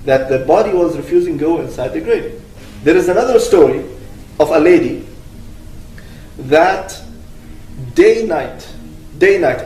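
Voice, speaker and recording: A man's voice: on the high side, warm tone, a little hiss or hum. Earnest man telling a story in an echoey room. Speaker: religious speaker. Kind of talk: retelling a cautionary religious story. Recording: echoey room, distant mic.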